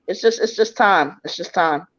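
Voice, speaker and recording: A woman's voice: lowish voice, normal speed, a bit bright, lo-fi sound. A woman co-hosting a live reading, speaking in a reassuring way. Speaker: co-host reader.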